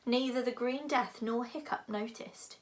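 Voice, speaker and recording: Woman reading a kids book out loud, lively storyteller voice, a bit high. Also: measured pace. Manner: expressive storytelling. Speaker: audiobook narrator. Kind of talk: scripted narration.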